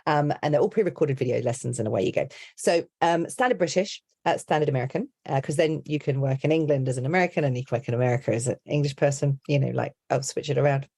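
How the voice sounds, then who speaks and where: A woman's voice: extremely low pitch, quick pace, hardly any pauses, a little mellow, slightly rough. A middle-aged woman, an accent and dialect coach, explaining her methods in a rambling, chatty podcast interview. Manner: chatty, rambling, heavy on "you know, like".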